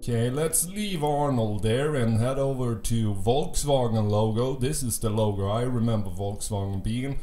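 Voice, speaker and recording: A man's voice: medium pitch, normal speed, hardly any pauses, mellow, soft background music. Man hosting a teasing online video. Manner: teasing, addresses viewers directly. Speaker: channel host. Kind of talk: casual online commentary.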